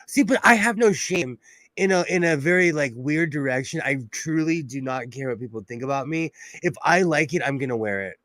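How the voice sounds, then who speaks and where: A man's voice: a little high, lively intonation, fairly quick, a bit bright, no echo, studio quality. A man chatting casually as a guest, rambling and joking about himself. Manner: rambling, jokey, self-deprecating. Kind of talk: casual chat.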